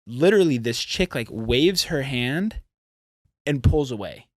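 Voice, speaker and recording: A young man from California, a podcast guest, telling a road story in a casual, profane, animated way. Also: medium pitch, a little slow, dry recording, clean studio sound. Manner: animated, profane, acts out quotes.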